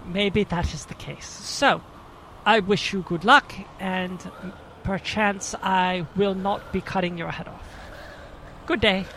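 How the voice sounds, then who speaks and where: Man doing a prison guard, pompous, stammering, high voice, gravelly, faint noise. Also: fairly even intonation, takes it slowly, pushed and bright, heavily acted, rough recording. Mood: stiffly polite. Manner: stammering, self-righteous, condescending. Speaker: game master. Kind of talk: in-character tabletop role-play.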